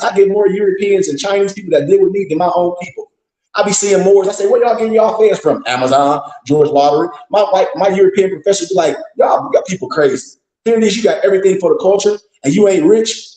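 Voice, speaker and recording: Guy ranting at the crowd, blunt and cussing, bit high and mellow, echoey room. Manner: blunt, profane, scolding. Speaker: host of a live discussion. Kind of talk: impassioned lecture-style talk.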